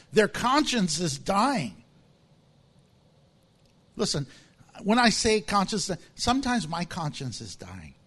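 A man preaching a sermon, animated and humorous, acting out little scenes in different voices and laughing often. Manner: animated, acts out voices with big pitch swings. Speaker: pastor.

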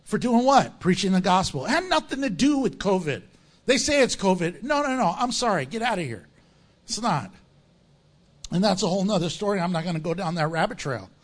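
A man's voice: sits high, sing-song, fairly quick. A man, a pastor, preaching a sermon in a jokey way and acting out voices of the people he quotes.

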